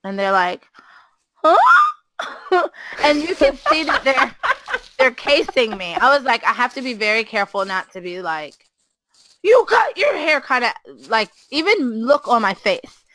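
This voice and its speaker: A woman, a preschool teacher, chatting casually and telling an animated story, acting out the quotes with a higher voice. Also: moderate pace, background noise.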